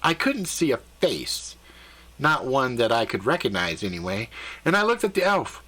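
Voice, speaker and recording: Animated man narrating a story. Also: medium pitch, moderate pace, a little hiss or hum. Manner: animated, conversational, a little profane. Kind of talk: first-person story narration.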